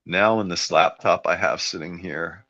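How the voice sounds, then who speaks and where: Male podcast host, deep gravelly voice, rambling casual opinions. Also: normal speed, pushed and bright. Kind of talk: casual chat. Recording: dull lo-fi sound.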